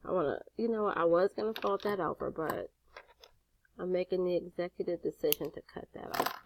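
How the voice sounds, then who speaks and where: A woman with a fairly low voice speaks at a normal pace over a faint hiss or hum. She's a sassy, chatty jewelry-making instructor with a grandson, guiding viewers step by step through a craft tutorial and cursing casually along the way.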